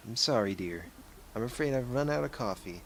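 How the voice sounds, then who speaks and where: A man's voice: mid-range voice, animated, brisk, slight background noise, lightly acted. A man voicing a polite, sorrowful elderly widow in a pleading, apologetic manner.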